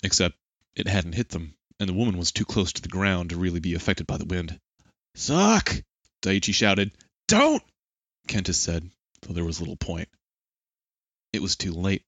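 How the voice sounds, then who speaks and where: A man with a very deep voice narrates an action scene in steady, measured audiobook style. The recording is dry and close, with no room sound. He keeps an even storytelling pace. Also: dry recording.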